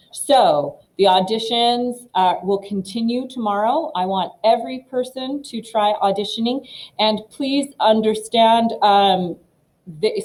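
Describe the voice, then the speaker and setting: A woman's voice: medium pitch, darkish tone, rough recording. A woman drama teacher talking students through audition pieces in a casual, rambling way, with many fillers and restarts.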